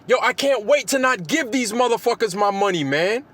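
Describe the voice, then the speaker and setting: A man's voice: high voice, lively intonation, moderate pace, fairly bright tone. A man delivering a heated vlog rant, cursing constantly and repeating phrases for emphasis. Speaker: vlogger. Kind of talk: angry profane rant to camera.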